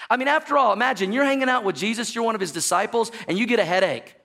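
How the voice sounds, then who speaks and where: A pastor preaching a sermon in a church, animated and joking, and calling out to the congregation for answers. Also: male voice, sits high, very fast. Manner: jokey storytelling asides. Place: church sanctuary.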